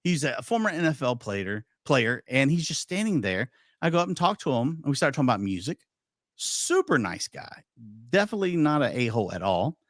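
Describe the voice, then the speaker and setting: A man's voice: medium pitch, very animated, a little fast, no echo, studio quality. A man hosting a podcast, chatting casually and telling anecdotes with lots of quoted dialogue. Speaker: podcast host. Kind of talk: casual chat storytelling.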